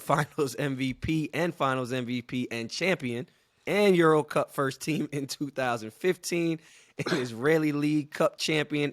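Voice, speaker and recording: A man's voice: medium pitch, no echo, clean studio sound. A man in his thirties hosting a podcast in a casual, joking way, a little sick and laughing often. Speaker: podcast host.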